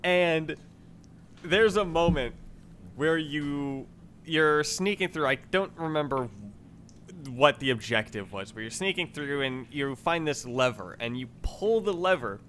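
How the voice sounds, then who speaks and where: Bright-voiced man chatting casually. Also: a little high, lively intonation, a little slow, a little hiss or hum. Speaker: podcast co-host. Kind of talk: casual chat about games.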